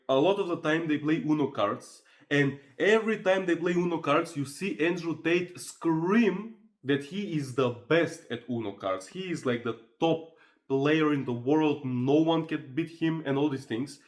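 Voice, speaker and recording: A man speaking to camera in a casual, earnest motivational monologue, persuasive and loose with fillers. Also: fairly high pitch. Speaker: motivational vlogger.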